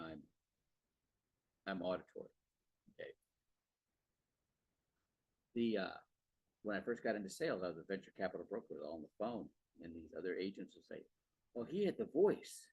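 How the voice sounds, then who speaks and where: A man's voice: low voice, unhurried, creaky, pauses often, breathy edge, no echo. A man hosting a podcast, talking casually about sales in a rambling way, repeating words and checking in with "okay" and "right". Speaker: podcast host. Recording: dull, dry lo-fi sound.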